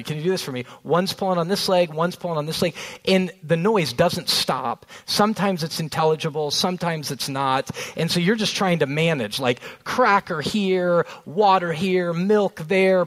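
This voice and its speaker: A man in his thirties preaching a sermon, earnest, slowing down on key phrases and telling family stories along the way. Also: fairly high pitch, fairly bright tone, rough recording. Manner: storytelling with family anecdotes. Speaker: pastor.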